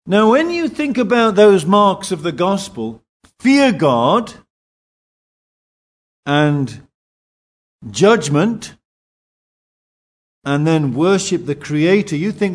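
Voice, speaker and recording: A man preaching a sermon at a church in Singapore, slow and emphatic. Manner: slow, emphatic preaching with lively pitch swings.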